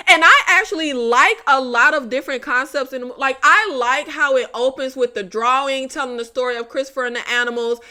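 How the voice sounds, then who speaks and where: A young woman hosts a casual horror review vlog, talking straight to her viewers. Her high, bright voice stays animated, and she laughs and swears freely.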